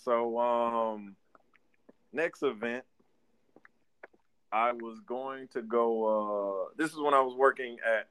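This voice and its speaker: A man's voice: mid-range voice, slow, long pauses, smooth. A young adult man from Detroit, co-hosting a casual podcast, telling stories with lots of laughter and acted-out quotes. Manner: animated storyteller, laughs often, acts out quotes. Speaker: podcast co-host. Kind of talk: casual storytelling chat.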